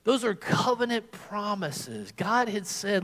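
Bright-voiced, high-pitched preacher man. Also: animated, unhurried. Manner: emphatic, dropping to hushed tones for quoted words. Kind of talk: sermon. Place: church service.

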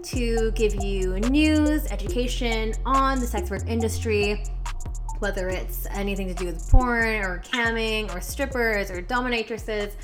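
A woman's voice: a little high, measured pace, music in the background. A woman from Canada hosting a podcast, chatting casually and laughing often. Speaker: podcast host.

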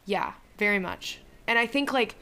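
A woman's voice: mid-range voice, normal speed, sharp tone, slight background noise. A young woman co-hosting a podcast, chatting casually and self-deprecatingly with lots of filler words. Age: young adult. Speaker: podcast co-host. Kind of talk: casual chat.

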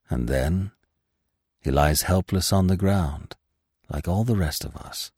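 Brief: man doing an ancient stag, very deep, slow and solemn, close and dry. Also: vocal fry, a little mellow, breathy edge, dry recording, full character voice. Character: old wise male stag, grave and calm.

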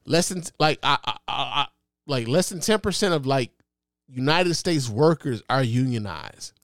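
A man's voice: mid-range voice, lively intonation, normal speed, a bit bright, no echo. A man hosting his own podcast, giving impassioned, profane solo commentary with lots of repetition and emphasis into a close mic. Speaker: podcast host.

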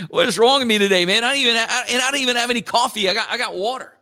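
A man's voice: extremely high pitch, big pitch swings, fast, bright, forceful tone. A man hosting a morning radio show, chatting in a rambling, joking way and slipping into playful robot voices. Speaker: radio host.

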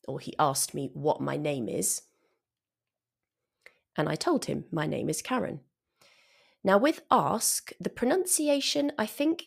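Female English teacher, low and gravelly, patient explainer. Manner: patient, explanatory, demonstrates examples aloud. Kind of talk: English vocabulary lesson.

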